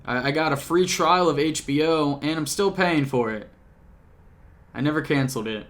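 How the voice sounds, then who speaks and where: A man's voice: on the high side, moderate pace, a bit bright. A young man chatting casually to a camcorder at home, rambling and joking, often cutting himself off mid-sentence. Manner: rambling, self-interrupting, jokey. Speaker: YouTuber. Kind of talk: casual vlog recap. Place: home apartment.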